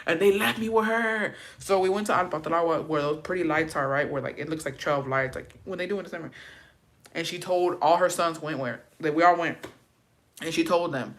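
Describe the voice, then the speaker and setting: A woman's voice: low-pitched, fairly quick. A young woman vlogger telling a family story in casual chat, cursing freely and slipping into Spanish phrases. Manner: profane, animated, switches into Spanish.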